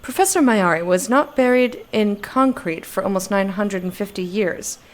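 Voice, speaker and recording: A woman voicing a dry, sarcastic servant robot in a deadpan, formal way. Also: medium pitch, normal speed, lightly acted.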